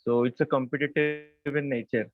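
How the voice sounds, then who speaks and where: A man's voice: medium pitch, steady tone, soft background music. A man asking his teacher a question on a video call, speaking hesitantly. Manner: hesitant, halting. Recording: tinny phone-like call line.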